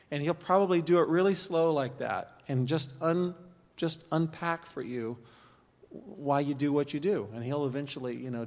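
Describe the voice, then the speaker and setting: Man teaching a class in a reverberant hall. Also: medium pitch. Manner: conversational, pausing, quotes scripture aloud. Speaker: teacher of a church course. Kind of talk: informal teaching talk.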